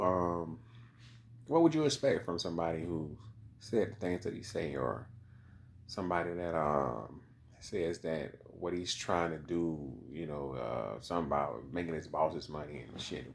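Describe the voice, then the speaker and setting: Low gravelly man rambling casually. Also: expressive, normal speed. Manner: rambling, frequent "you know what I mean", profane. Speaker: commentator. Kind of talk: casual commentary monologue.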